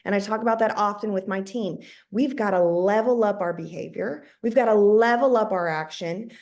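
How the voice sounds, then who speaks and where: A woman's voice: medium pitch, normal speed, a little mellow. A woman in her thirties giving an emphatic motivational talk to her team, often repeating words for emphasis. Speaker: network marketing team leader.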